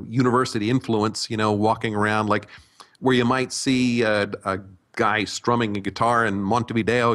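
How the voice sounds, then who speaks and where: An American man in his sixties, a guest telling relaxed stories with frequent restarts in a conversational interview. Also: medium pitch. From United States. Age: 60s. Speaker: guest, retirement abroad expert.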